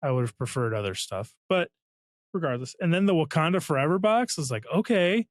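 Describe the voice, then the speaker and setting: A man's voice: fairly high pitch, sing-song, brisk. A man co-hosting a podcast in casual chat, complaining sarcastically and swearing freely. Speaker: podcast co-host.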